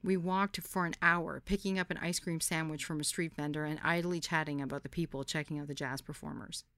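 A woman's voice: deep voice, steady tone, a little fast, a bit bright, no echo, clean studio sound. A woman podcast host reading a candid first-person memoir story.

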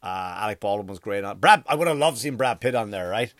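A man delivering a profane, mocking comedic rant in a rapid-fire way. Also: fairly low pitch, animated, fairly bright tone, no echo, clean studio sound. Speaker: commentator.

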